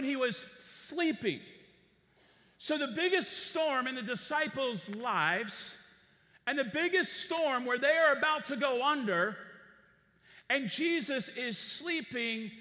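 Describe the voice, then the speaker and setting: A man preaching in a church auditorium, his voice very high and bright. He talks in an animated way and throws rhetorical questions at the congregation. A long reverb fills the hall behind him. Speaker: pastor. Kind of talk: sermon.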